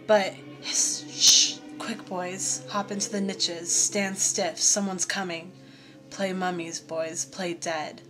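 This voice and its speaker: A woman voicing an ancient, dusty old male mummy who speaks in urgent, hushed tones. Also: on the low side, little pitch movement, slow, soft background music.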